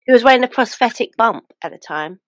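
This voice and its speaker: A woman's voice: on the high side, lively intonation, quick pace, a bit bright, dry recording. A woman chatting casually about films as a podcast co-host, rambling and restarting her sentences. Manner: chatty, rambling, trails off and restarts mid-thought. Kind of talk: casual film chat.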